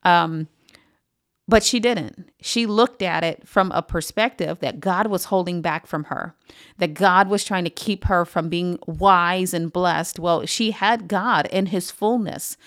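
A woman pastor giving an earnest, emphatic Bible teaching on a podcast, pausing often with "um". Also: fairly low pitch, fairly bright tone. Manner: earnest, emphatic, with frequent "um" pauses.

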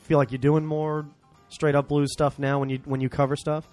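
A man's voice: fairly high pitch, flat delivery, normal speed, a little mellow, faint music behind. A man hosting a casual conversation, chatty and full of stories. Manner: chatty, tells stories with laughs. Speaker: host.

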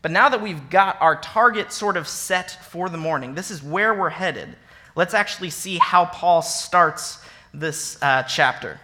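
Brief: young male minister, bright forward voice, chatty animated sermon delivery with sarcastic asides. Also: a little high, unhurried. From American Midwest. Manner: animated and conversational, acts out scripture with sarcastic emphasis. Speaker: associate minister.

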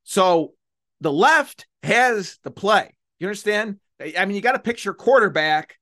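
A male political commentator with a voice pitched well above most men's. His monologue is combative and mocking. He drags out key words to hammer each point home. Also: animated, a little slow, bright, forceful tone. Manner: combative, sarcastic, stretches words for emphasis. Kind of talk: opinionated monologue.

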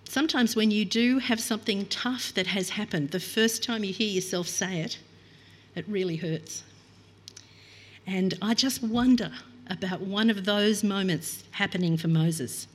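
A woman's voice: mid-range voice, measured pace, breathy edge. A middle-aged woman preaching a reflective, earnest sermon and reading scripture aloud.

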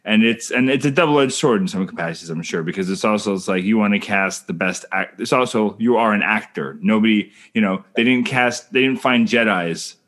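A man's voice: lowish voice, fairly quick, hardly any pauses, fairly bright tone. A man co-hosting a podcast, rambling and thinking aloud in casual chat.

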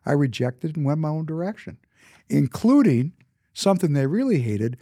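A man's voice: a little high, very animated, moderate pace, dark tone, dry recording, studio quality. A man in his fifties from Minnesota tells personal stories in a casual monologue, emphatic and often repeating words for emphasis. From Minnesota, United States. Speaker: businessman.

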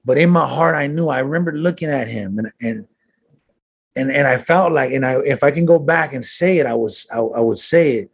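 A man with a husky, slightly breathy voice tells a personal story in an interview. He sounds earnest and reflective, talking casually with slang and restarting his sentences as he searches for words. His pitch sits in a middling range for a man. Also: normal speed. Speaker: interview guest.

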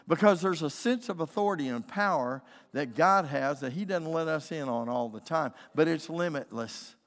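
A man's voice: a little high, moderate pace. A middle-aged male pastor preaching a sermon with emphatic storytelling. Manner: emphatic preaching storyteller, acting out quoted voices. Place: church sanctuary. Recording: long reverb of a church hall.

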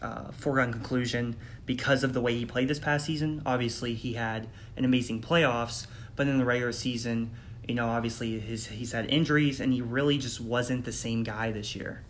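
A man co-hosting a casual sports podcast, giving measured, confident opinions with some fillers. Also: medium pitch, steady tone, a little hiss or hum. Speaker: podcast co-host.

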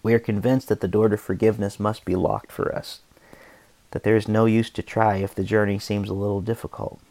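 A man reading aloud from his own devotional book as podcast host, in an earnest, steady teaching manner. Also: fairly low pitch, fairly quick, no echo.

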